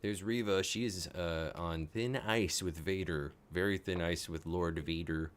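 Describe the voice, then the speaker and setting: A man hosting a live episode reaction, an excitable fan who is tired and a little out of it late at night. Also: low-pitched, unhurried, clear, resonant tone. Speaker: show host.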